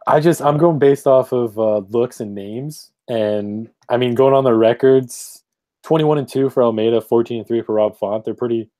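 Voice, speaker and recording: A man's voice: mid-range voice, normal speed, warm tone. A man from Canada hosting a casual sports podcast, joking and reading out fight picks. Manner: laid-back, joking, reads fight card. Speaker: podcast host. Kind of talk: casual chat.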